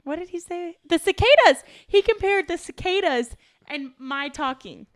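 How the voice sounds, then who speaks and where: A woman's voice: very high-pitched, animated, moderate pace. A woman co-hosting a casual chat, teasing playfully. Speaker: podcast co-host.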